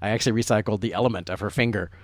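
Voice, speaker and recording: A man's voice: lowish voice, fairly even intonation, rapid-fire, dry recording, clean studio sound. A man chatting as a film director on a commentary track, rambling and self-mocking, with frequent laughs.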